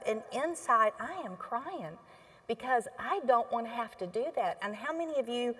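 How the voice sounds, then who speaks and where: A middle-aged woman speaking on stage to an audience, emotional and halting, often restarting her sentences. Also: on the high side, lively intonation, fairly bright tone, big-room sound. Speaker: healthcare association board chair. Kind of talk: onstage talk to an audience. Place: stage in a large hall.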